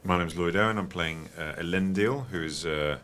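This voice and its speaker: Deep voiced guy actor, forceful tone, matter of fact, faint noise behind. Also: normal speed. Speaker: actor in a press interview. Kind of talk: steady interview answer.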